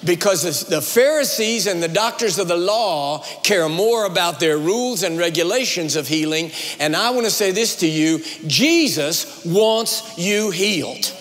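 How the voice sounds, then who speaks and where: A man with a notably high-pitched voice delivers a sermon, pressing into emphatic, rising runs and then slowing down to let points land. His voice carries through a large hall with a long, lingering reverb. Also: lively intonation, a bit bright. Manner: dramatic preaching with rising emphatic runs and slowed pauses. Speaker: guest preacher.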